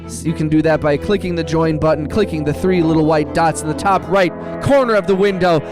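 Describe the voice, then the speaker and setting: A high-voiced man chats casually to his livestream viewers, upbeat and rambling, tossing out quick shout-outs and restarting his sentences as he goes. His own beat plays clearly underneath him the whole time. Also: over music. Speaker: livestream host and music producer. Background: his own beat playing.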